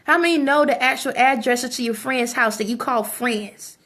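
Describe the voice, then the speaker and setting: A high-pitched woman rants straight at her viewers. Her talk is preachy and scolding, hammering points home by repeating them. It is casual, unscripted vlog talk. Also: moderate pace, a bit bright. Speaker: vlogger. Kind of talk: ranting monologue to camera.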